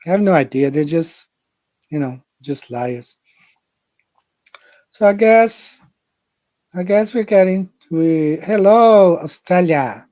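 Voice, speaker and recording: Man host, live-stream chat, unhurried, repetitive, mellow voice, dry muffled audio. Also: high-pitched, animated, dry recording. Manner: rambling, repeats phrases, addresses viewers directly. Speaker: livestream host. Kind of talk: casual live-stream talk.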